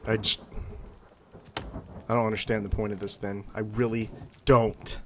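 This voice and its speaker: A man hosting casual gameplay commentary, swearing freely and yelling at in-game scares. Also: lowish voice, little pitch movement, normal speed, background noise. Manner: profane, shrieks and yells at in-game scares. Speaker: gaming channel host.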